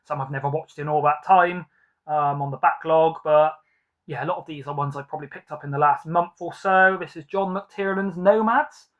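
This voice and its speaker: A man's voice: on the high side, normal speed, fairly bright tone, highs cut off. A man hosting a casual film review chat, rambling with frequent ums and likes. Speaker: film collector host.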